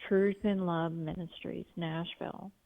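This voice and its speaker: A woman's voice: fairly low pitch, fairly even intonation, a little slow, creaky, narrow, tinny audio. A woman calling in to a talk show, telling things in an earnest, rambling way. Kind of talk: call-in talk.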